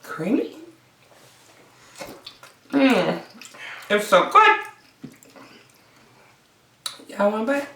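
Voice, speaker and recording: A woman hosts a mukbang eating vlog from home, exuberant, bursting into song and cheers before murmuring over her food. Her voice is on the high side, slow, pushed and bright, with big pitch swings and vocal fry. The recording is echoey with a distant mic and faint hiss.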